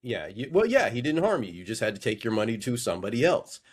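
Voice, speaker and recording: Guy chatting on a podcast, wry and reflective, mid-pitch voice. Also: sing-song, fast, slightly rough. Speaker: podcast co-host. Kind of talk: casual conversation.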